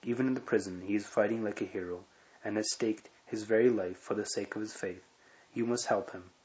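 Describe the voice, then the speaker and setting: A man's voice: fairly low pitch, fairly even intonation, fairly quick, darkish tone, natural voice. A man reading the lines of an anxious, pleading wife in an urgent tone, in a memoir reading. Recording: dull lo-fi recording.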